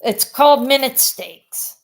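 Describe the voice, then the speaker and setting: A woman with a Philadelphia accent talks in a chatty, blunt way, wandering off into asides. Her voice sits a little high. It is relaxed, casual livestream talk. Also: slow. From Philadelphia area. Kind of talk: casual chat.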